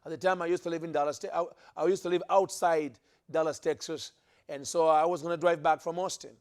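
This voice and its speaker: A man's voice: a little high, steady tone, a little fast, clear, resonant tone. A man preaching a sermon, emphatic, repeating phrases for stress and often restarting his sentences. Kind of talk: sermon teaching to a listening audience.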